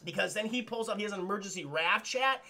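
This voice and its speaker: A man's voice: high voice, quick pace, pushed and bright. A man recapping a film on a livestream in a casual, profane way, talking to his chat. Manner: swears freely and keeps addressing chat. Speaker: streamer and film reviewer.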